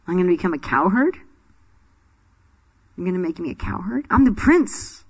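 A religious teacher voicing a proud young prince who protests, indignant and drawn out, at being given lowly work. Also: very animated, moderate pace, slightly rough.

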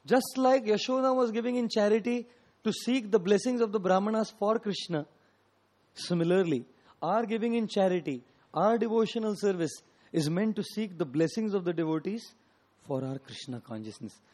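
A man's voice: high-pitched, moderate pace, a little mellow, low-quality recording. A man giving a devotional sermon, emphatic and repetitive, with a voice that swells and drops. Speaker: preacher.

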